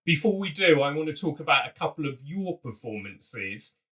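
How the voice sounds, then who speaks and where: An upbeat man hosting a podcast, his bright voice swinging widely in pitch. He sounds a little distant from the microphone as he leads the interview. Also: sing-song, normal speed, slightly rough. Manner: upbeat, enthusiastic, playful segues. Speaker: podcast host. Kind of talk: casual interview chat.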